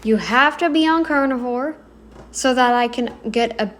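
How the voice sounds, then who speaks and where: Blunt, halting woman reacting on camera. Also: on the high side, a bit bright. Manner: halting, self-correcting, blunt and exasperated. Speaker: reaction commentator. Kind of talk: casual reaction commentary. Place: home, kneeling then seated.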